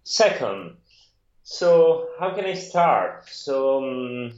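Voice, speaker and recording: A man's voice: medium pitch, sing-song, extremely slow, echoey room, dull audio, a little hiss or hum. A middle-aged Italian man with an Italian accent, telling his story as a guest in a rambling, laughing interview chat. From Italy. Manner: rambling, many restarts and laughs. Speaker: guest photographer.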